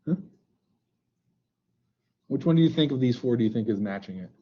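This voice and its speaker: A man's voice: medium pitch, animated, normal speed, slightly rough, muffled recording. A male teacher leading a live online class in a playful, joking way, coaxing students to answer, over a computer mic on a video call.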